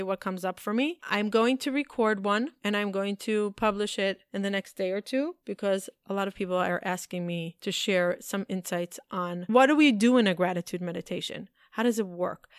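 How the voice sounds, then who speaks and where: A woman's voice: medium pitch, clean tone, dry recording, clean studio sound. A woman hosting a podcast, telling personal stories in an earnest motivational talk. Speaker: podcast host.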